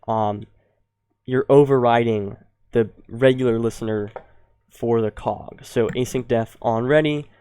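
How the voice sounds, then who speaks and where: A young man hosting a coding tutorial, explaining step by step and thinking aloud, with ums and quick self-corrections. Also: mid-range voice, steady tone, dark tone, clear, resonant tone. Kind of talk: screen-recorded coding tutorial.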